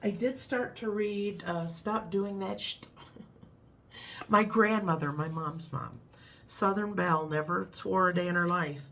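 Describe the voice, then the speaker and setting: A woman's voice: on the low side, unhurried, creaky, pushed and bright, slight background noise. A middle-aged woman with a Midwestern American accent, chatting casually to camera in a rambling way and laughing at her own stories. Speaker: vlogger.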